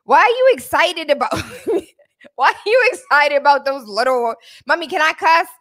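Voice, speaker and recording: A woman's voice: sits high, lively intonation, normal speed, fairly bright tone, no echo, studio quality, pitched above the performer's own voice. A woman voicing a blunt, unimpressed teenage girl who teases her. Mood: mocking.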